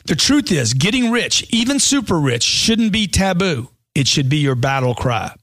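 A man's voice: a little high, sing-song, normal speed, a bit bright, no room sound, clean studio sound. A man reading a motivational money book aloud with a punchy, emphatic delivery.

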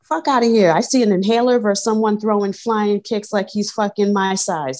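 A woman co-hosting a casual sports podcast, talking in an animated, profane ranting way with frequent laughs. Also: medium pitch, moderate pace. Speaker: podcast co-host.

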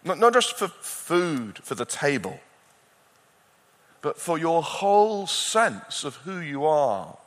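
A man preaching a sermon to a conference crowd, his voice moving between loud urgency and quiet intensity. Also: a little high, very animated, takes it slowly. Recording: long hall reverb.

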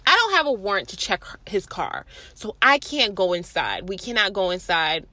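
A woman voicing an older female police officer who speaks hesitantly, halting with fillers. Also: medium pitch, very animated, bright, forceful tone, no room sound.

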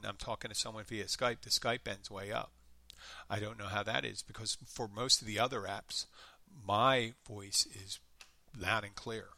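A man with a light Philadelphia accent hosts his own podcast in a loose, rambling chat, poking fun at himself. His voice is very bright and forward. The sound is dry and close, with no room around it. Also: on the low side, no room sound. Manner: rambling, self-deprecating, chatty. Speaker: podcast host. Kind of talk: casual solo podcast chat.

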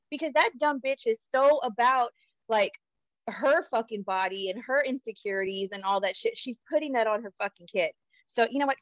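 A woman's voice: a little high, normal speed, no room sound. A woman co-hosting a casual pop culture podcast, ranting heatedly and swearing constantly. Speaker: podcast co-host. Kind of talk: casual chat. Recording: dull lo-fi dry sound.

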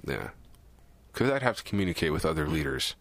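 Casting: young adult male podcast co-host, deep voice, easygoing banter, quick to laugh. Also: big pitch swings, creaky, a bit bright, no echo. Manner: laughs often, joking. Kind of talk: casual banter among friends.

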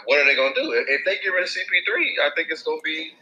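A man hosting a sports podcast, speaking softly and hesitantly with many restarts. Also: on the high side, very animated, very fast, muffled recording. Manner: hesitant, stammering, soft-spoken. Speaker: podcast host. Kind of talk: casual sports podcast chat.

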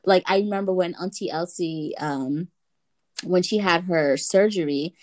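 Young woman chatting casually, kinda low voice, lots of likes and you knows. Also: a little slow. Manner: relaxed, chatty, many fillers. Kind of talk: casual family chat.

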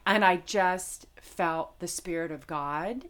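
A middle-aged woman from Las Vegas, a guest telling a personal faith story in a heartfelt, halting way with many fillers. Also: on the low side, a bit bright. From Las Vegas, United States. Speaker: interview guest. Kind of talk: personal faith testimony in conversation.

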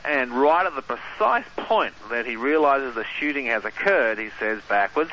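Bright-voiced Australian man explaining eagerly. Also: mid-range voice, lively intonation. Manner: eager explaining, many filler pauses. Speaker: radio guest, researcher. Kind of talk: casual radio interview. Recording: dull lo-fi radio line, faint hiss.

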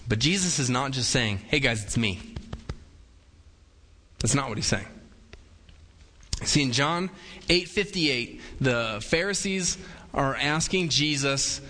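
A man delivers a sermon from the pulpit, talking in a relaxed, conversational way and slipping into playful quoted voices. His voice is bright and forceful, and it rings with the long reverb of a large church hall. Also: medium pitch, measured pace. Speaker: pastor.

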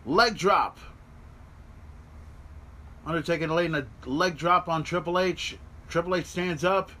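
Excitable man calling a replay. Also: sits high, unhurried, pauses often. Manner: animated, swears, yells at big moments. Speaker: podcast host. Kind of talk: excited watch-along commentary. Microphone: podcast mic.

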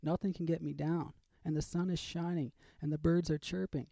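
A man's voice: on the high side, fairly even intonation, fairly quick, creaky, mellow, no room sound. A man hosting a comedy rant segment, talking with sarcastic cheer that erupts into swearing.

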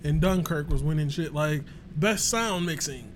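A man's voice: on the high side, moderate pace, crowd noise. A man co-hosting a casual chat, jumping in often with loose, profane remarks. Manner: chatty, interjecting, profane. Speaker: podcast co-host.

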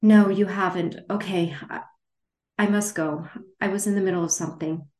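A woman voicing a cautious young female grifter who keeps her voice steady on a phone call. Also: mid-range voice, normal speed, natural voice. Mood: guarded. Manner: guarded, trying to sound steady. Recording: roomy echo.

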